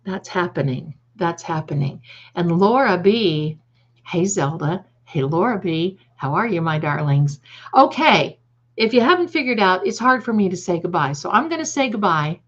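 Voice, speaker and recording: A woman's voice: fairly low pitch, lively intonation, normal speed, a bit bright. A woman psychic hosting a live stream and reading viewer comments aloud. She speaks affectionately, calls viewers "my darling," and repeats words and restarts sentences as she goes. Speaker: psychic livestream host. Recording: slightly dull lo-fi stream audio.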